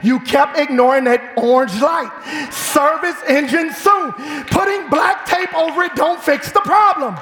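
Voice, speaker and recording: A man preaching a fiery sermon in a church, with an animated, shouting delivery. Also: very high-pitched, measured pace, few pauses. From Chicago. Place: church sanctuary. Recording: echoey church hall.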